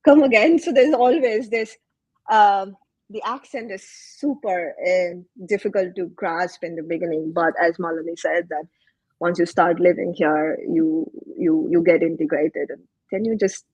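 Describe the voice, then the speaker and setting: A woman from India speaks as a panelist and tells her stories in an animated way. Her voice is husky and sounds dry and close. She uses plenty of fillers as she talks. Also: fairly low pitch, unhurried, no room sound, poor audio. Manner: animated storytelling with many fillers. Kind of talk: panel Q&A answer.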